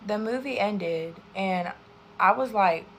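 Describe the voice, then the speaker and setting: Woman, storytime vlog, profane and animated, talks straight to viewers. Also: medium pitch, takes it slowly, slight background noise. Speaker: content creator.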